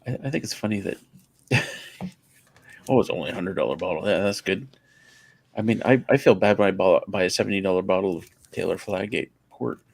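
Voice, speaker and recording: A man's voice: sits low, a little fast, vocal fry, slightly rough, dry recording. A man chatting casually with a livestream host and trading teasing, jokey banter. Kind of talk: casual chat.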